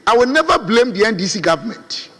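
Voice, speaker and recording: A man's voice: sits high, sing-song, quick pace, fairly bright tone, husky. A man with a Ghanaian accent, a member of parliament, giving an oratorical debate speech full of appeals and rhetorical questions. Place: parliament chamber. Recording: reverberant parliament chamber.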